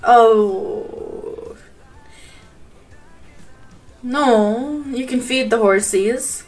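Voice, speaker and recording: A woman's voice: a little slow, long pauses, faint music behind. A young woman reacting live on a stream from her bedroom, giddy and bubbly, talking close to a desk mic. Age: young adult. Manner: giddy, bubbly, breaks into high squeals. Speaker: gaming streamer.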